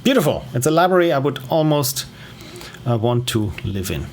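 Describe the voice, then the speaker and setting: A man giving relaxed, rambling gameplay commentary on a livestream, with self-deprecating asides. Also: medium pitch, moderate pace, a little hiss or hum. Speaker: game streamer.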